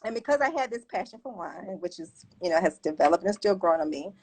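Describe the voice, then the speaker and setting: A woman being interviewed, telling a story in a casual, animated way and laughing often. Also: fairly low pitch, quick pace, breathy edge, poor audio. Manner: animated, laughs often, lively quoted asides. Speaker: guest, entrepreneur.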